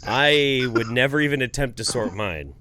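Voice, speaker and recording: A man co-hosting a podcast in casual chat, reading out viewer comments, loud and animated, with frequent swearing. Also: mid-range voice, moderate pace. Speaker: podcast co-host.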